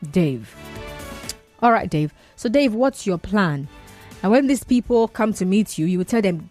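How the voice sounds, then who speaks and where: A Nigerian woman hosts a call-in radio show, chatting and teasing as she reads listener messages. Her voice sits at a middle pitch. A faint music bed plays under her in the studio. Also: lively intonation, a little mellow. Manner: chatty, teasing, quick to react with laughs. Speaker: radio talk show host.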